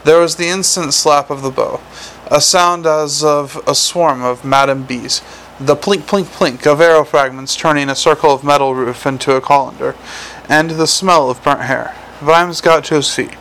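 A man narrates a storybook in a measured, dry voice. His pitch sits a little higher than usual for a man. A faint ambient hiss runs under the recording. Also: fairly even intonation, fairly bright tone, poor audio. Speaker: audiobook narrator.

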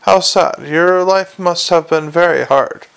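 A scheming nobleman sick with ambition, quiet and self-assured with a creepy, dreamy calm, as a male narrator plays him. The voice is gravelly and fairly high for a man. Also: measured pace. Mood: silky. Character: feverish, scheming nobleman, obsessed with power. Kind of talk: audiobook character reading.

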